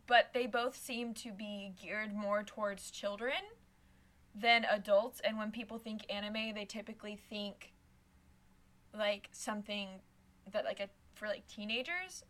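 A woman's voice: mid-range voice, a bit bright. A woman co-hosting a podcast in casual chat, playful and teasing with her guests. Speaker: podcast co-host.

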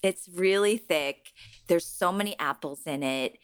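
A woman's voice: on the low side, measured pace, smooth, no room sound. A woman from New York City, a company founder guesting on a podcast, telling stories in casual chat and acting out what others said. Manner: animated storyteller, acts out others' lines.

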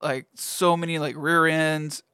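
A man's voice: fairly high pitch, level tone, unhurried, pushed and bright, smooth, no echo, clean studio sound. A man in casual chat, describing things offhandedly and with plenty of cursing. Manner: profane, offhand.

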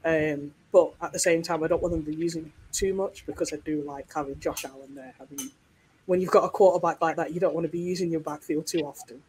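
A woman's voice: low-pitched, steady tone, fast, darkish tone, slight background noise, rough recording. A British woman guesting on a sports fan show over a video call, matter-of-fact and dryly teasing. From Britain. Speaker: guest contributor. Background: fan running.

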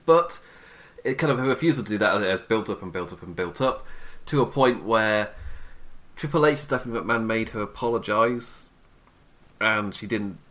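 A man's voice: on the low side, animated, normal speed, fairly bright tone. A young man hosting a casual wrestling podcast, rambling and restarting his sentences and often laughing at himself. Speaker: podcast host.

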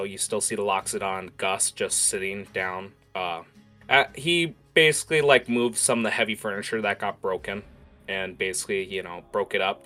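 A man acting as game master narrates a tabletop game, setting scenes with a bright, forward voice and a lot of "like" and "uh." His voice sits a bit low, and soft music plays underneath. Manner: lively narration with many fillers.

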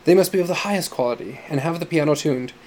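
A man's voice: on the high side, quick pace, darkish tone, slight background noise, natural voice. A man voicing a haughty male musician in an audiobook, speaking in a bored, lofty way.

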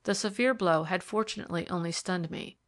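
A woman reading a Victorian detective story aloud as narrator, lifting her voice for the quoted characters. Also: a little fast. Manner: lifts pitch and volume for quoted characters. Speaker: audiobook reader. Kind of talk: scripted narration of a Victorian mystery.

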